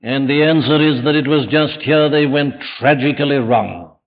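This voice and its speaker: A man's voice: fairly high pitch, moderate pace. A man preaching an evening sermon to a congregation, emphatic and full of rhetorical questions. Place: church before a congregation. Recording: dull lo-fi archive sermon recording.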